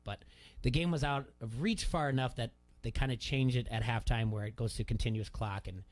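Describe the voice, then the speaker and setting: A middle-aged man hosting a casual sports radio talk show, telling a story and getting animated when he quotes people. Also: mid-range voice, brisk. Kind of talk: casual chat.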